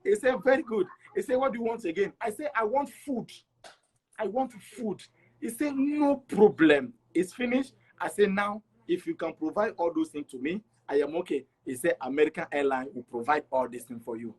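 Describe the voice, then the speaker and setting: Middle-aged man, husky, a touch high. Animated storyteller, interview guest. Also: fast, few pauses. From Togo. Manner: animated, acts out dialogue with repeats.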